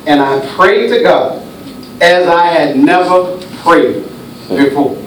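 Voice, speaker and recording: A high-pitched man preaches a dramatic sermon, dropping to a hush and then rising to a shout. He sounds far off, his voice ringing through a very echoey church hall over a faint hiss. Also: lively intonation, slow pace, faint music behind. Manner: dramatic storytelling preaching, swinging between hushed and shouted.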